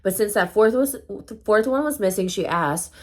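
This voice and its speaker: A woman's voice: mid-range voice, lively intonation, normal speed. A woman vlogger telling a story time in casual chat, full of fillers and loose swearing.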